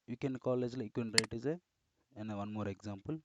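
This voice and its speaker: A man's voice: fairly low pitch, a little fast, highs cut off, very noisy. A man teaching English grammar in a screen-recorded lesson, repeating and correcting himself as he explains step by step.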